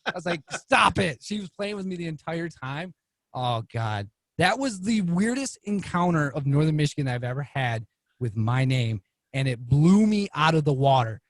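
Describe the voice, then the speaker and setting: A man's voice: moderate pace, no room sound. A man, a guest on a podcast, telling a story casually and acting out the quoted lines with his voice jumping up. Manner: animated, acts out quoted lines with rising pitch.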